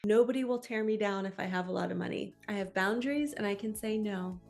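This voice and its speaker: A middle-aged woman, a spiritual coach, giving a soft, affirming motivational talk to camera and slowing down for the self-talk phrases. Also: medium pitch, gravelly, soft background music.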